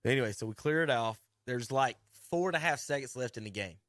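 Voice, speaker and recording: A middle-aged man, hosting sports talk radio and telling a rambling, animated coaching story with many restarts. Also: medium pitch, fast, no echo, clean studio sound. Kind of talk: casual radio chat narrating a video clip. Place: radio studio.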